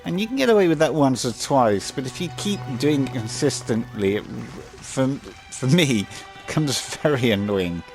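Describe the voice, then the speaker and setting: A man's voice: mid-range voice, expressive, normal speed, hardly any pauses, soft background music. A man giving casual, rambling gameplay commentary, hesitant and full of fillers.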